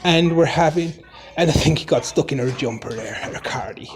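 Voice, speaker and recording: A man's voice: on the high side, moderate pace, music in the background, close to an everyday voice. A man putting on an Irish accent to narrate a silent craft video as a wry, chuckling commentator. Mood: amused. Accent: put-on Irish. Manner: wry running commentary, chuckling, mutters "Jesus" a lot. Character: jokey male narrator with a put-on Irish lilt. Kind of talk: mock silent-movie voiceover.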